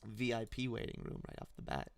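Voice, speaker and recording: A man's voice: fairly low pitch, big pitch swings, brisk, vocal fry, dry recording. A young man hosting a live stream with call-ins, chatting casually with loose slang, swearing and many restarts.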